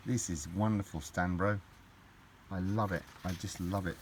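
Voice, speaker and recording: A middle-aged man speaks with a fairly low voice. He rambles and gushes, repeating his words as he chats casually. A faint hum of room noise sits under him. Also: unhurried, pauses often, a bit bright. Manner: gushing, rambling, repeats himself. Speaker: collector vlogger opening parcels. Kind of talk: casual unboxing chat.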